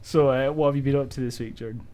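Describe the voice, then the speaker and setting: A man's voice: mid-range voice, fairly even intonation, quick pace, dark tone, slight background noise. A man hosting a podcast, teasing his co-host in casual chat and laughing easily. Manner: giggly, teasing.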